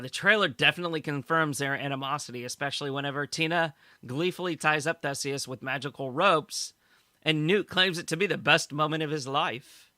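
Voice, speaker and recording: Bright-voiced male podcast host. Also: mid-range voice, no room sound. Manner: summarizes news stories, laughs easily. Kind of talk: casual podcast chat.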